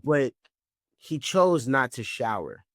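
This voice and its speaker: A man's voice: mid-range voice, sing-song, takes it slowly, a bit bright, no room sound, clean studio sound. Laid-back New Orleans man telling stories. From New Orleans, Louisiana. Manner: laid-back storytelling, frequent "you know what I mean". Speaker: actor, interview guest. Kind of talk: casual interview chat.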